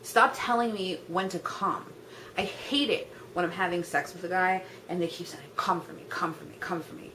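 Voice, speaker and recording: A woman's voice: medium pitch, bright, forceful tone, slight background noise, rough recording. A young woman vlogging a blunt, profane rant, talking in an exasperated way and filling her sentences with "like". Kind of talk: ranting vlog monologue.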